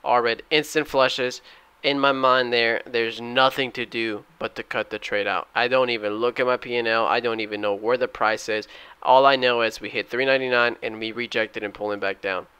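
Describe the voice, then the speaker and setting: Excitable young man narrating his trades. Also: medium pitch, moderate pace, smooth, dry recording. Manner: excitable, shouts at the chart when trades fail. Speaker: day trader. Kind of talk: trading recap with screen commentary.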